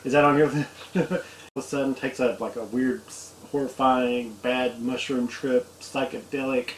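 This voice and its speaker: A man co-hosting a casual chat, talking in a relaxed, hesitant way with frequent pauses and easy laughs. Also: mid-range voice. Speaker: co-host. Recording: echoey room with faint hiss.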